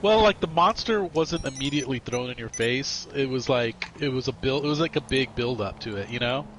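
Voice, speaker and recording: A man's voice: medium pitch, lively intonation, brisk, fairly bright tone, slight background noise, low-quality recording. A man in his forties, a gaming co-host telling rambling anecdotes in casual chat and swearing freely. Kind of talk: casual chat over gameplay. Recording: game car and street sounds behind.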